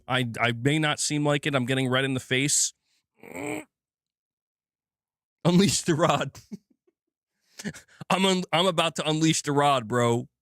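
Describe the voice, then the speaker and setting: A man hosting a gaming livestream, ranting in an excitable, self-mocking way and swearing often, restarting his words as he gets worked up. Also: on the high side, no room sound, clean studio sound. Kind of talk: live commentary rant. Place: indoor room at home.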